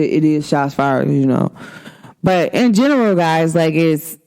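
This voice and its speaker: A woman's voice: fairly low pitch, gravelly, dark tone. A woman hosting an astrology show, talking casually and emphatically to her viewers with sassy slang. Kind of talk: casual spiritual talk to viewers.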